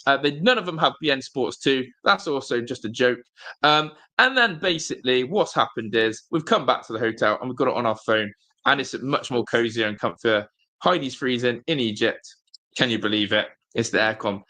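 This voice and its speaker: A man's voice: mid-range voice, animated, moderate pace, bright, forceful tone. A man, hosting a live football watch-along from a hotel room and ranting angrily at his team, swearing and repeating himself. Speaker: fan channel host.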